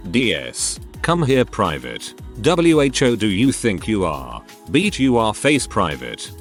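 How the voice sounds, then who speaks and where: Gruff drill sergeant barking orders at recruits in a storybook reading, lowish voice, lively ups and downs, as a male narrator puts him on. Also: slow, faint music behind, exaggerated voice.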